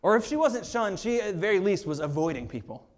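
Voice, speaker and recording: A male pastor giving a sermon in a conversational way, with humorous asides and laughs, growing quiet and earnest on serious points. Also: high-pitched, very animated, fast talker.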